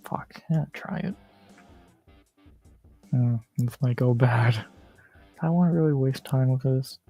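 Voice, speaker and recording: A man streams live, muttering and casually swearing at quiz questions as he plays, and mentions he's losing his voice. He speaks at a medium pitch, slowly, with a dark tone, and faint music plays behind him.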